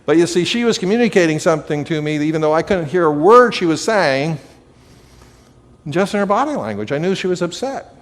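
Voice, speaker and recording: Man, teacher, lecturing live, slightly high voice, chatty with fillers, hall reverb. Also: animated, a little fast. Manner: conversational, with filler and anecdotes.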